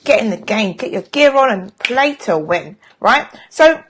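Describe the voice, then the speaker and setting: A woman's voice: on the high side, animated, unhurried, a little hiss or hum. A middle-aged woman talking casually on a live stream as a sales coach, frank and chatty, with self-mocking jokes.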